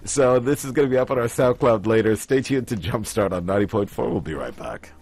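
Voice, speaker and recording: A man with a lowish voice hosts a casual radio show. He chats in a relaxed, friendly way and runs a listener quiz, counting down out loud. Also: quick pace, husky. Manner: relaxed, chatty, counts down aloud.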